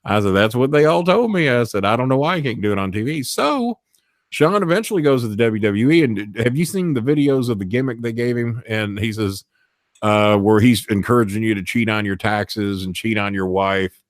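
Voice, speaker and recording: A man's voice: lowish voice, animated, moderate pace, no room sound, studio quality. A man telling a profane backstage story in casual chat, acting out the people he quotes in shifting voices. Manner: acts out quotes in shifting voices, swears often. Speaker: storyteller guest.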